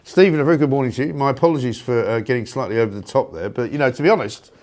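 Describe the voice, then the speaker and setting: A man hosting a live talk show, delivering a sarcastic, indignant opinion rant with loud outbursts. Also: medium pitch, rapid-fire.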